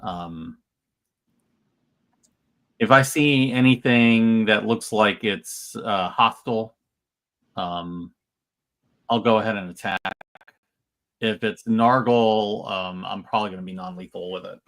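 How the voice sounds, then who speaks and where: A man playing a tabletop game, hesitant and thinking aloud with many pauses. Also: lowish voice, fairly bright tone. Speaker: player. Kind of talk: casual tabletop game chat.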